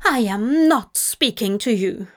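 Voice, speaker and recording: A woman's voice: high voice, lively intonation, takes it slowly. A woman voicing a prim, irritable male angel who speaks in clipped, huffy lines. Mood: prim irritation.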